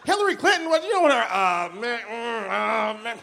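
A man performing an animated stand-up comedy set on a live stage, with lots of asides. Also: very high-pitched, normal speed, vocal fry. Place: live theater stage before an audience. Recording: live stage with audience and room noise.

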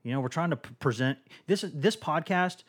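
A man's voice: on the high side, animated, moderate pace. A man co-hosting a sports podcast, joking and teasing at length before getting to the analysis. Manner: joking, teasing, long-winded. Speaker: podcast co-host. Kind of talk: casual sports podcast chat.

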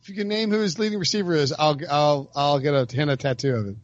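A man's voice: on the high side, animated, fast talker, no echo. Joking man rattling off football stats. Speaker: podcast host. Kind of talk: casual sports chat. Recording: dry, dull lo-fi sound.

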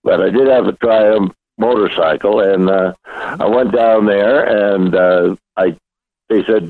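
A man's voice: fairly low pitch, a little slow, dry recording. An older man, a guest actor, telling rambling anecdotes in a casual interview, with restarts and chuckles. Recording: dry thin phone-like line.

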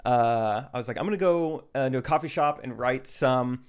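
A man's voice: medium pitch, fairly even intonation, moderate pace, clear, resonant tone. Joking young man in casual chat. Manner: joking, self-mocking storyteller. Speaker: podcast co-host.

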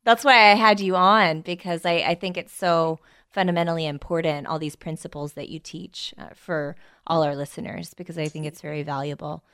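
A woman's voice: low-pitched, fairly even intonation, brisk, few pauses, a bit bright, clear, resonant tone, dry recording, studio quality. A woman hosting a podcast interview, asking earnest, appreciative questions. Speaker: podcast host.

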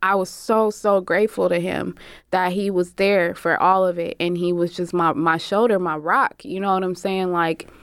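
A woman's voice: on the low side, steady tone, moderate pace, clear, resonant tone, dry recording, clean studio sound. A woman, a barber and singer, telling her own story frankly with plenty of cursing, often acting out what other people said. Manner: frank and profane, many "like" fillers, acts out quoted voices. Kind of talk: candid personal storytelling.

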